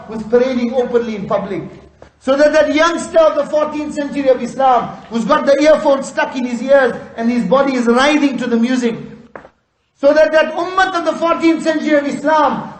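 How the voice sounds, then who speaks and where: A man preaching an impassioned sermon, at times rising to shouts, recorded in a hall. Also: very high voice. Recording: echoey hall.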